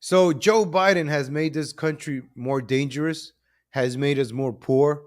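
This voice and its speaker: A man hosting a live commentary stream, animated and repetitive, calling out to viewers as ladies and gentlemen. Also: fairly high pitch, a little slow. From New York.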